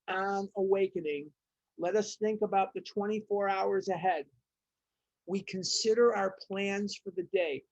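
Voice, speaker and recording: A woman's voice: mid-range voice, gravelly, darkish tone, breathy edge, dry recording. Emphatic woman leading a recovery study. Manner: emphatic, repeats phrases for stress. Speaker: recovery study group leader. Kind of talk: reading aloud and commenting on a recovery book. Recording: dull, muffled audio.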